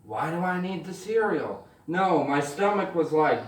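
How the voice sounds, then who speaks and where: A man telling stand-up stories in an animated, swearing style, acting out the people in them. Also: a little high, a little slow, few pauses, echoey room, far from the mic. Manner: animated, swears freely, acts out voices. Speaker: stand-up comedian. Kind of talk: stand-up storytelling.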